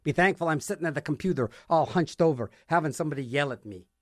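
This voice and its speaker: A man's voice: fairly high pitch, fast, dry recording, studio quality. A man hosting a music radio show, chatting casually between records and rambling through jokes and acted-out little scenes.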